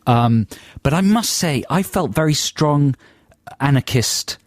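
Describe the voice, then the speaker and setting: A man's voice: fairly high pitch, animated, slow, dry recording, studio quality. An English man co-hosting a radio show, telling a long, self-mocking story in casual banter with his co-host. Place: radio studio. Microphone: studio microphone.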